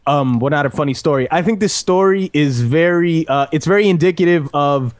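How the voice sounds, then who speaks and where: A man's voice: on the high side, dry recording, clean studio sound. A young man hosting a casual podcast chat, rambling and swearing, restarting his phrases. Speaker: podcast host.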